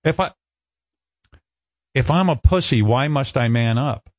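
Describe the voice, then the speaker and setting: A man hosting a radio talk show, brash and animated, swearing freely as he trades banter. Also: medium pitch, a little slow, no room sound. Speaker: radio host.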